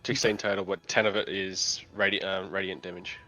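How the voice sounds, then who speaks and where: A man's voice: low voice, level tone, fairly quick, bright, forceful tone, rough recording. A man playing a tabletop game, thinking aloud and fumbling over his rules. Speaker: player. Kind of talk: casual tabletop game play.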